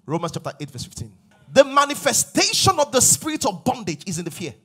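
Male pastor, lively high-pitched sermon delivery. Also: fast, slightly rough. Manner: animated preaching, swings from loud exhortation to hushed asides.

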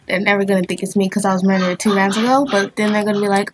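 A woman giving casual, excitable commentary as she plays a video game, chatting and thinking aloud as she goes. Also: medium pitch, very fast, few pauses. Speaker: gaming channel host.

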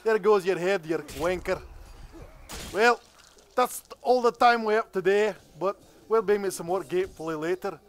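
A young man voicing a brash, foul-mouthed Scottish friend with a put-on Scottish accent, shouting crudely while gaming. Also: high-pitched, measured pace. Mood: rowdy. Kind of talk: comedic gaming character bit.

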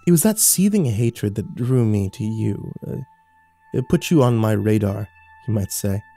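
A man voicing a mocking, unhinged fallen angel in a horror story, speaking softly and theatrically. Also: fairly low pitch, animated, moderate pace, dry recording, soft background music. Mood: brooding. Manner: soft, taunting, theatrical.

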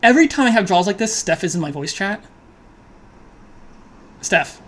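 A woman thinking aloud as she plays an online card game, muttering her options, then pleading, swearing and laughing loudly at the draws. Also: medium pitch, animated, moderate pace, pauses often, slight background noise. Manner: talks to herself, swings from quiet musing to loud laughing outbursts.

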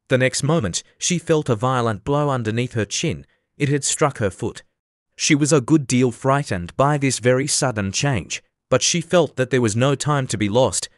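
A man reads a classic storybook in a measured, gently expressive way. His voice sits in a middle register, neither high nor low. It is recorded on a close mic, dry and without any echo. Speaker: audiobook narrator. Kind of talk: scripted storybook narration.

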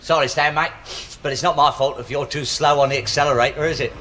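A sheepish, flustered bus conductor, played by an actor, stammering and hedging in a fairly high voice. A hissy old sitcom soundtrack carries him. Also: male voice, steady tone, quick pace, lightly acted.

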